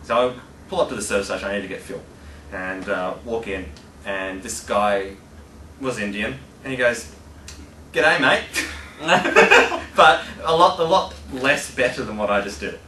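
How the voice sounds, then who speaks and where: A man's voice: lowish voice, moderate pace, a bit bright. A man co-hosting a casual radio-style podcast, playful and teasing. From Australia. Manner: playful, teasing, laughs easily. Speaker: podcast co-host. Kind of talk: casual radio-show chat. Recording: roomy sound, far from mic, faint hiss.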